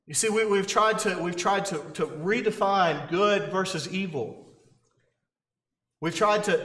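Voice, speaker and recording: A man's voice: high-pitched, fairly bright tone. A man preaching a sermon in a church, earnest and insistent, repeating his phrases and asking the congregation questions. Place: church sanctuary. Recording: echoey church hall.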